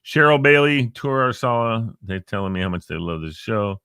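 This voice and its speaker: Middle-aged male host, casual and joking, low-ish voice with lively swings, dry and close. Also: moderate pace, smooth, no room sound. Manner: chatty, joking, reads viewer names aloud. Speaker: online show host. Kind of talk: casual live-stream chat.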